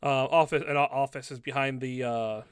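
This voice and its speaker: A man's voice: mid-range voice, steady tone, brisk, clean tone, no echo, clean studio sound. A man narrating a tabletop game as game master, in a casual style full of fillers.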